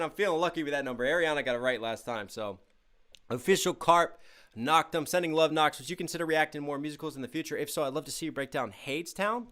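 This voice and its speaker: Hyped young man hosting a livestream. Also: on the high side. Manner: upbeat, hyped shout-outs to chat. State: tired. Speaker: livestream host. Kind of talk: casual livestream chat, reading donations.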